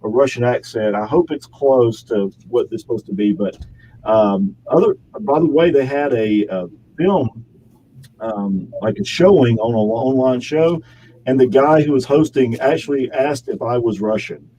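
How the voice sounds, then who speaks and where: Male actor guest, mellow timbre, chatty and rambling, faint hiss. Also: medium pitch, moderate pace, rough recording. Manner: rambling, self-correcting, chatty. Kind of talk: casual interview chat.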